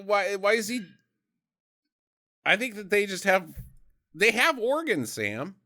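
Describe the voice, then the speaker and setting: A man's voice: high-pitched, sing-song, slow pace, pushed and bright. A man co-hosting a podcast, recapping a movie in a profane, joking way. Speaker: podcast co-host. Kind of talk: casual comedic movie recap.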